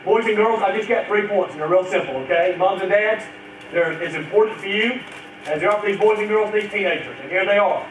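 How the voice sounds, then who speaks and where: A man's voice: high-pitched, a little fast, a little hiss or hum. A man preaching a sermon to children and parents, speaking earnestly and drawing out key phrases. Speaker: pastor. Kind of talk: sermon to a church congregation. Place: church sanctuary. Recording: echoey church recording from far off.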